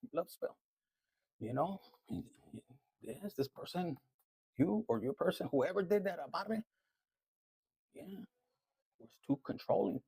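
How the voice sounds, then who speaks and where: A man's voice: high voice, vocal fry, darkish tone, husky, no echo. A man giving a casual tarot reading, talking bluntly and with lots of swearing. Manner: blunt, profane, chatty. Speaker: tarot reader.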